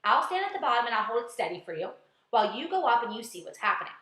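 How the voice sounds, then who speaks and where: A woman voicing a blustering male chief of police in a storybook, shouting in alarm, in an echoey room. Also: fairly high pitch, very animated, very fast.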